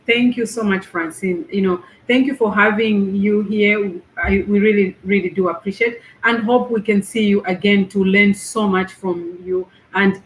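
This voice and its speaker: A woman's voice: medium pitch, a bit bright, reverberant, a little hiss or hum, poor audio. A woman hosting a casual online panel, effusive and full of fillers and praise for her guests. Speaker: host.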